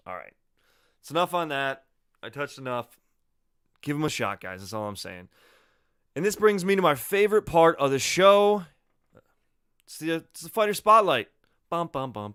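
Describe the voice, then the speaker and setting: A man hosting his own solo podcast, giving opinionated commentary in an emphatic, animated way full of rhetorical questions. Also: mid-range voice, clean tone, no room sound, studio quality. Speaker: podcast host.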